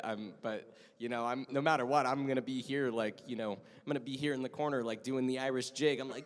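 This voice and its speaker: A man's voice: medium pitch, fast, hardly any pauses. A young man chatting upbeat on a convention panel, laughing often. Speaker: voice actor panelist. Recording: long hall reverb.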